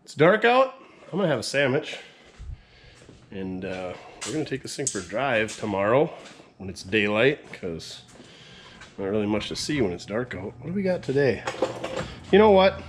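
A man's voice: mid-range voice, sing-song, moderate pace, long pauses, a little hiss or hum. A man hosting a truck build video, chatting casually and joking with viewers as he works. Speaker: mechanic and video host.

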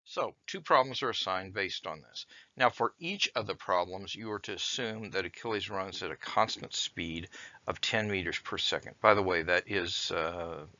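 Man, teacher, lowish pitch, measured lecture, dry muffled sound. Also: bright, forceful tone, no echo. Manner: measured, explanatory, with filler "uh"s. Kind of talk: recorded lecture with read-aloud story.

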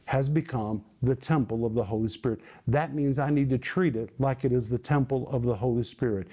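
A middle-aged man teaching the Bible on television, speaking earnestly and building to forceful exhortation. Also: mid-range voice. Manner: emphatic, rising to forceful exhortation.

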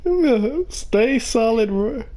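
A woman's voice: a little high, lively intonation, slow pace, mellow. A woman hosting a casual phone chat, laid-back and teasing, laughing often. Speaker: channel host.

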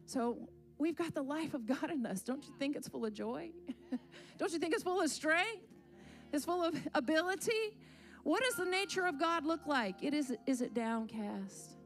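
Brief: high-pitched woman leading church worship, fervent and rallying, soft music underneath. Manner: fervent, leads the congregation in laughter. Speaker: worship leader. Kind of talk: church exhortation. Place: church sanctuary.

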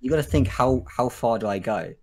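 A young man on a voice call, speaking low-key and dry. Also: a little fast. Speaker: guest. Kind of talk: casual chat on voice call.

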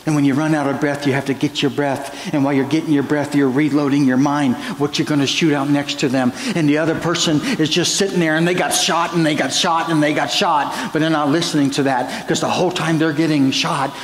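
A man's voice: a little high, flat delivery, a little fast, hardly any pauses. A man preaching a sermon as pastor, moving between prayer and counseling stories in an earnest way. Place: church sanctuary. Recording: church hall reverb, faint room noise.

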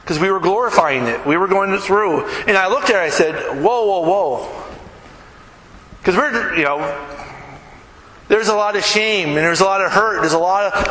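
A man preaching a live sermon as pastor, telling stories emphatically and dropping to hushed, earnest tones. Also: high-pitched, normal speed. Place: church sanctuary. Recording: echoey church hall, noisy live recording.

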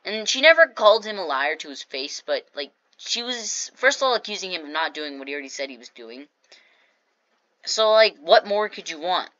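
A woman's voice: lowish voice, animated, moderate pace, a bit bright, no echo, highs cut off. A woman casually telling a storytime vlog, chatty and jokey, acting out what people said. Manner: chatty, jokey asides, acts out quoted lines. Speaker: storytime vlogger.

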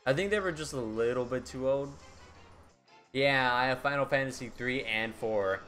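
A man's voice: mid-range voice, normal speed, a bit bright, faint music behind. A man from the United States chatting casually on a live game stream, answering his viewers' messages in an easygoing way. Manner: chatty, answers viewer chat with easy laughs.

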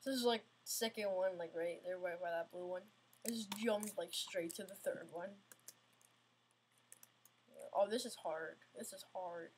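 A woman's voice: fairly low pitch, a little slow, slightly rough. A woman giving casual, self-mocking gameplay commentary, getting frustrated and talking back at the game. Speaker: gamer playing an obstacle course game.

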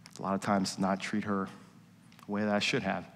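A man's voice: deep voice, monotone, fast talker, slight background noise. Man preaching a confessional sermon in a reverberant church. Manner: confessional storytelling, swings from quiet to emphatic. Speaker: worship pastor. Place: church sanctuary. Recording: long reverb of a church hall.

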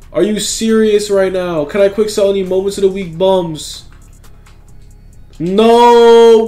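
A young man giving excited, slangy gameplay commentary, talking straight to his viewers. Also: high voice. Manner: hyped, slangy, talks to viewers. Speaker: gaming YouTuber.

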